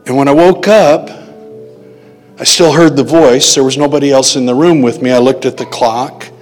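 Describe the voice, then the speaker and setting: A man preaching a sermon, telling a personal story in a conversational way and slowing down to stress quoted words. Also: medium pitch, fairly even intonation, a little mellow, faint music behind. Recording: long hall reverb.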